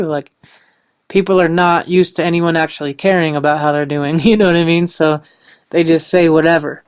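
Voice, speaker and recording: Young male podcast host, earnest motivational talker, loose and rambling, smooth clear tone, dry recording. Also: fairly high pitch, fairly even intonation, brisk, no room sound. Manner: loose and rambling, with lots of "like" and "you know"; earnest, upbeat and preachy.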